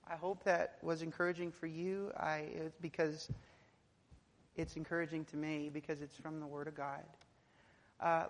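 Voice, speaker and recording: A woman preaching a sermon, building to loud, emphatic declarations, then dropping soft and low, and repeating words when pressing a point. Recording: long reverb of a large hall.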